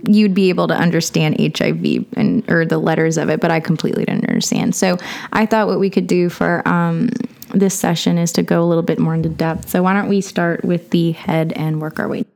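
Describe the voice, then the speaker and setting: A woman's voice: fairly low pitch, fairly even intonation, fairly quick, vocal fry, darkish tone. A woman clinician co-hosting a casual lesson, asking questions in a playful, joking way and laughing often. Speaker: co-host, clinician learning Spanish terms. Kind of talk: casual teaching chat.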